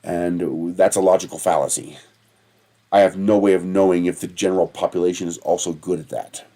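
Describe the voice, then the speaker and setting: A man's voice: low-pitched, fairly even intonation, fairly quick, dark tone. A man hosting a casual livestream, telling rambling stories with a lot of swearing and laughing at himself. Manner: digressive, profane, laughs at his own stories. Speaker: livestream host.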